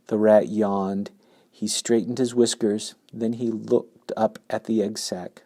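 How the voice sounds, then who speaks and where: A man's voice: on the low side, steady tone, moderate pace, warm tone. A man reading a children's story aloud expressively. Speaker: narrator.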